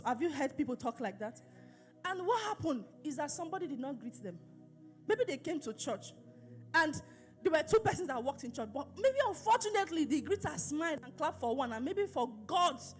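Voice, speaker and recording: A woman's voice: very high voice, big pitch swings, fairly quick, faint music behind. A woman pastor preaching an emphatic sermon, repeating phrases and asking her listeners questions.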